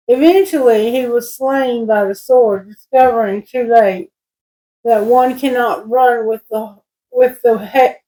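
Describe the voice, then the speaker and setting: In a casual spiritual reading, a tarot reader with a fairly high, slightly mellow voice reads scripture and reflects on it. She's slow and rambling, frequently starting sentences over, and the recording quality is low.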